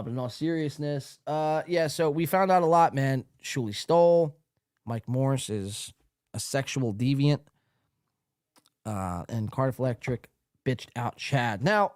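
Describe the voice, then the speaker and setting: A male host riffs through a late-night live stream, loud and profane and quick to mock. His pitch leaps up and down as he talks. The sound is close and dry, with no room around it. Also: no room sound. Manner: loud, mocking, profane, laughs often. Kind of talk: casual live stream commentary.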